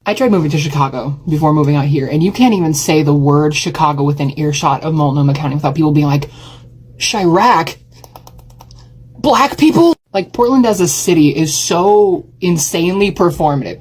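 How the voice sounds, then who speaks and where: A woman's voice: sits low, a little mellow. A woman from rural Illinois talking casually to camera in a wry, sarcastic way.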